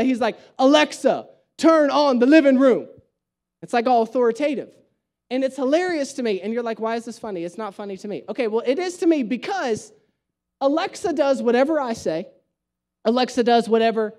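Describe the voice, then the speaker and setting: A young man, a pastor, preaching a conversational sermon full of jokes and home stories. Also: very high voice. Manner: animated, joking storyteller.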